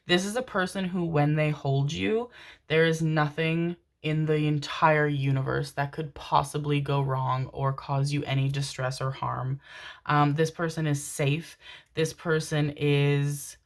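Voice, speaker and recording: A woman's voice: low voice, flat delivery, unhurried. A woman doing a pick-a-card tarot reading, gushing and affectionate, calling listeners her darlings and rambling with many fillers. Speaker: tarot reader.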